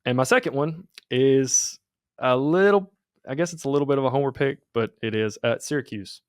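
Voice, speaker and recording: A man's voice: mid-range voice, normal speed, clean tone, no room sound, studio quality. Casual male sports podcast host.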